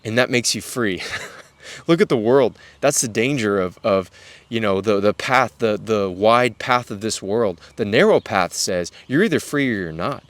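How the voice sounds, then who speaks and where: A young man hosting a devotional podcast, talking earnestly and repetitively to other men, dropping softly on words of address. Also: lowish voice, lively intonation, unhurried, no room sound. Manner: earnest, repetitive, drops to near-whisper on "guys". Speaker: Christian podcast host. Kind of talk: casual devotional talk to men.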